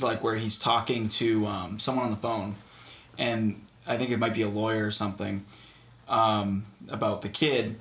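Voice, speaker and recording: A man, chatting casually about a film with friends. He speaks at a middle pitch and in an animated way, and the recording has a roomy echo. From Massachusetts. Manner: animated, does mocking impressions. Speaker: podcast co-host. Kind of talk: casual movie discussion. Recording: echoey room.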